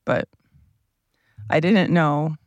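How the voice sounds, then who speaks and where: A man's voice: a little high, fairly even intonation, dry recording, lo-fi sound. A man with a groggy morning voice, rambling casually through a solo podcast while seated at a table inside a parked RV. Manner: rambling, unhurried, self-questioning. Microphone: small plug-in mic powered by a tablet.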